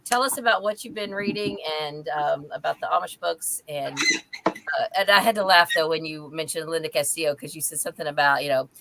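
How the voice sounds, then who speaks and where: Chatty low-voiced woman hosting a call. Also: a little fast, vocal fry, background noise. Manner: chatty, frequent ums, laughs easily. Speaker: host of a live reading chat. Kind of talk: casual chat. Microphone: video call.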